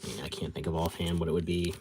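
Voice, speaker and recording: A man with a deep, low voice talks through a casual live stream in a loose, rambling way. He answers viewers' questions as they come and often stops to correct himself or trail off mid-thought. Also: little pitch movement, very fast, a little mellow, slight background noise. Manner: rambling, answers chat as he sorts. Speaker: card collector streamer.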